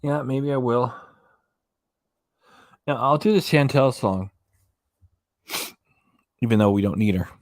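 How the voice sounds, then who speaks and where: A man's voice: mid-range voice, slow, long pauses, no room sound, studio quality. A man hosting a casual late-night livestream chat, reading viewer comments aloud into a desk microphone and answering them in a folksy, joking way. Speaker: livestream host.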